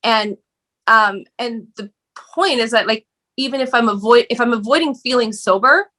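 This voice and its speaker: A woman guest on a podcast, telling her story candidly in an animated way, swearing casually and laughing often. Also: fairly high pitch, normal speed.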